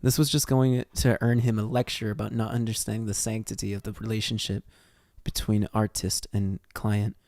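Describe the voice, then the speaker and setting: A man's voice: fairly low pitch, little pitch movement, moderate pace, a little mellow, dry recording, studio quality. An American man reading a fan fiction story aloud on a stream, swearing freely and stumbling over words as he reads. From United States.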